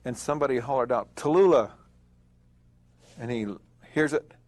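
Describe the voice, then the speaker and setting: An older man telling a war story as an interviewee, acting out shouted calls as he recalls them. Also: mid-range voice, fairly even intonation, fast, no room sound. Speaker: veteran interviewee. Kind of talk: recounted war memory.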